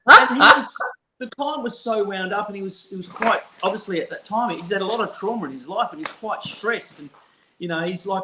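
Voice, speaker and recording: A man with an Australian accent telling a story from his counselling work in a relaxed chat, laughing often and restarting sentences. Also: high-pitched, brisk, heavy background noise. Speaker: counsellor, podcast guest. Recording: roomy echo.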